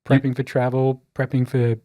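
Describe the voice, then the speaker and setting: A young man talks in a laid-back way on a podcast, swearing casually and letting sentences trail off. His voice is mid-pitched. The sound is dry and close. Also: completely flat delivery, moderate pace, dark tone, no echo. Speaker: podcast guest, player.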